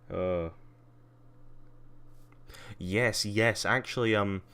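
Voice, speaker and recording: A man's voice: fairly low pitch, pushed and bright, a little hiss or hum. A man giving a casual live-stream tour, rambling with lots of ums and uhs and wry asides. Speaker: livestreamer.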